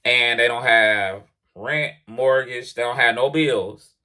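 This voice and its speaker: A man's voice: medium pitch, takes it slowly. A man telling a casual, emphatic story about leaving his job, quoting conversations as he goes. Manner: animated, emphatic, quotes conversations in voices. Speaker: truck driver vlogger. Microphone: action camera mic. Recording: action camera.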